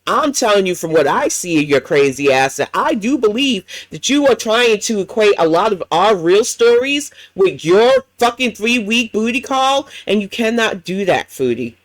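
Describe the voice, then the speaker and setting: A man's voice: high voice, big pitch swings, normal speed, hardly any pauses, dry recording, rough recording. A man hosting a livestream commentary show, ranting bluntly with heavy profanity.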